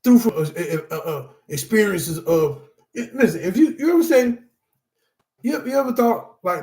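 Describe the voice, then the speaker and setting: Man, middle-aged, emphatic testimony-style teacher, higher voice, roomy echo. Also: animated, normal speed, warm tone. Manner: emphatic, repetitive, addresses audience as y'all. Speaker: anger management teacher. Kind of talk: personal testimony lesson.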